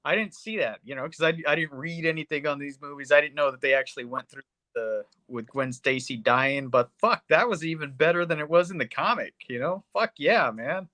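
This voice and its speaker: Male podcast co-host, excitable and foul-mouthed, slightly high, bright voice. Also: brisk, few pauses, no echo. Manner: excitable, swears a lot, trails off with fillers. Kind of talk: casual profane movie review chat.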